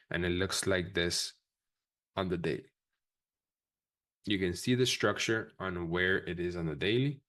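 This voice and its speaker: A man teaching a live trading lesson, talking fast and casually with lots of swearing. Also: deep voice, a bit bright. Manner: fast, profane, casual coaching talk. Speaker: trading instructor.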